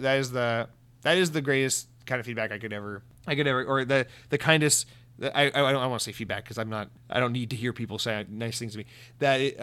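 A man's voice: mid-range voice, a bit bright, clear, resonant tone. A man hosting his own podcast, chatting casually through listener comments, rambling and correcting himself as he goes, with the odd swear. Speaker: podcast host. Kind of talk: casual solo podcast chat.

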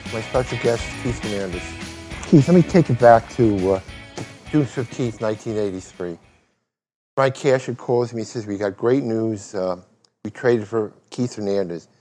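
A man's voice: lowish voice, darkish tone. A man hosting an interview podcast, telling a story and asking rambling questions with restarts. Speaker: podcast host.

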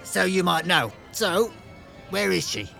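Gravelly, shifty bleeding stranger. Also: male voice, sits high, lively intonation, a little slow, sharp tone, soft background music, full character voice. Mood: woozy. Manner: woozy, wry grumbling. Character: shifty, bloodied man near fainting. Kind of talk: audio drama acting.

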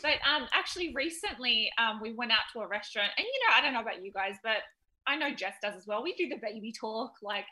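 Aussie lady guest, slightly high bright voice, chatty, lots of um and like. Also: expressive, fast talker. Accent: Australian. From Australia. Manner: chatty, hesitant fillers, laughs while telling stories. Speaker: guest wrestler. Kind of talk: casual interview chat.

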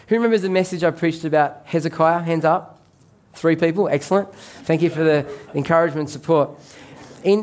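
A man preaching a sermon as pastor, conversational and joking with the congregation. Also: fairly high pitch.

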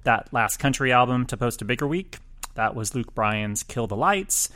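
A man co-hosting a music podcast, talking through chart news in a chatty, self-deprecating way with quick asides. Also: mid-range voice, lively intonation, pushed and bright. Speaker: podcast co-host, chart reporter. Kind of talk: casual chart chat.

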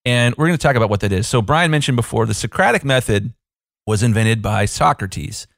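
A man in his thirties, a business coach hosting a casual podcast, talking in a chatty, self-deprecating way with quick asides. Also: medium pitch, lively intonation, creaky, fairly bright tone, no room sound, studio quality.

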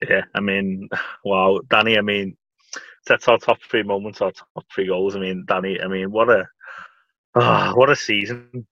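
A man's voice: lowish voice, steady tone, normal speed, sharp tone, dry recording, dull audio. An Irish man co-hosting a podcast, chatting in a rambling way with dry jokes. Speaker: podcast co-host. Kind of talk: casual football chat.

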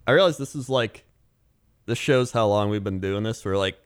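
A young man with a smooth, clear voice chats casually on a podcast. He rambles with plenty of fillers and slips jokes in as he talks. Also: on the low side, normal speed. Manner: rambling, joking, filler-heavy. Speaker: podcast co-host. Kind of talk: casual chat.

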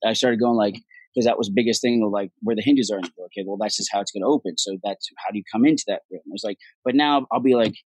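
A man's voice: on the low side, fast talker, darkish tone, a little hiss or hum, poor audio. A middle-aged man from Ireland, an actor guest telling stories in casual podcast chat, swearing freely and acting out the voices of people he quotes.

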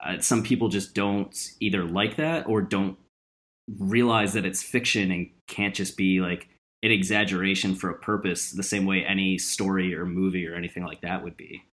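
A man's voice: low-pitched, steady tone, normal speed, a bit bright. A man hosting a casual chat who lays out careful, analytical points and asks long questions.

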